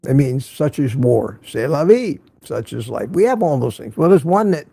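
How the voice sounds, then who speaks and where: Gravelly, mellow-voiced male livestream host. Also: mid-range voice, big pitch swings, normal speed, dry recording. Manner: chatty, chuckles often, repeats himself. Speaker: livestream host reading viewer chat. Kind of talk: casual morning livestream chat.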